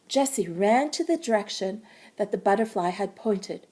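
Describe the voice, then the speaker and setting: Gentle, breathy woman reading to children. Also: medium pitch, expressive, normal speed. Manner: gentle, warm-toned teacherly narration. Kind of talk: read-aloud storytelling for children.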